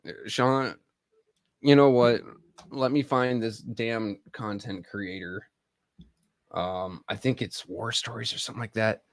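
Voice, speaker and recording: A mid-range, steady voice at a measured pace belongs to a man in his thirties hosting a live stream. An army veteran, he chats casually and directly with viewers, rambling and profane. Dry recording, clean studio sound.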